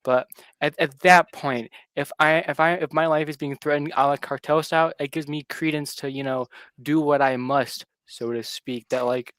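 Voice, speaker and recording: A man co-hosting a casual political chat, speaking haltingly and bluntly with crude language. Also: on the high side, fairly even intonation, a bit bright, no echo.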